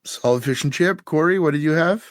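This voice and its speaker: A man's voice: on the high side, brisk, no room sound, clean studio sound. Chatty man telling a story. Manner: storytelling, laughs often, animated retelling. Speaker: podcast host. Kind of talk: casual chat.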